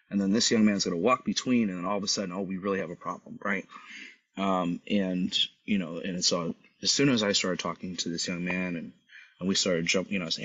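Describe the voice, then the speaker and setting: A male podcast host telling a story in a casual monologue, animated, often tagging his lines with "right?" and acting out the people he quotes. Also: sits low, a little fast, slightly rough, dull audio.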